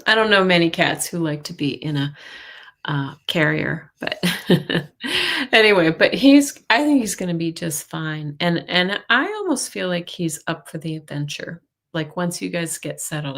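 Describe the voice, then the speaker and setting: Chatty woman doing live tarot readings. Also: deep voice. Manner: chatty, hesitant, with frequent soft laughs and fillers; warm reassuring intuitive tone. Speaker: intuitive reader, stream host.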